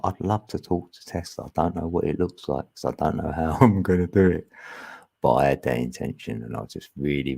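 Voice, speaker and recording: A man's voice: extremely low pitch, vocal fry, darkish tone, slightly rough. A man talking in a rambling, chatty livestream monologue, laughing often and thinking aloud. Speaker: livestream host.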